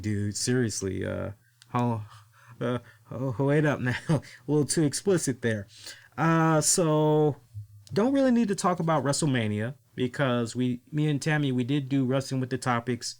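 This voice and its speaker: A man's voice: medium pitch, unhurried. A man hosting a casual wrestling podcast who swears freely, laughs often and tells stories with lots of energy. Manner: animated, profane, laughs often. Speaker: podcast host.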